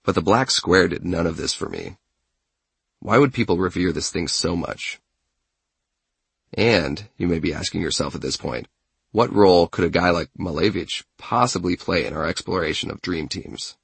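Low gravelly male narrator, dry close sound. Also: no room sound. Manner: measured essay narration. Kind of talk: scripted narration.

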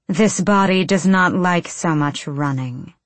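Villainous princess, jeering and unhurried, voiced by a woman narrator, low and very slow, dry sound. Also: no room sound. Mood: disdainful. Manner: taunting, cold, unhurried.

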